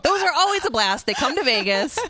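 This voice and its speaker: A young adult woman co-hosting a casual sports chat, giggly and quick with interjections. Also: high-pitched, big pitch swings, crowd noise. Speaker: co-host.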